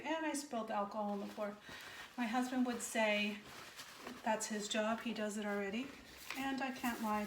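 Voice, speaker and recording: Woman craft vlogger, chatty and self-deprecating, slightly high voice, faint background noise, phone recording. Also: roomy sound. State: out of breath. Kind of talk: casual tutorial talk. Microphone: phone camera.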